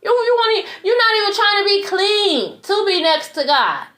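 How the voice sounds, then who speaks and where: A woman's voice: extremely high pitch, sing-song, normal speed, pushed and bright. A young woman tarot reader ranting in a blunt, profane, repetitive monologue. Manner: blunt, profane, repeats herself.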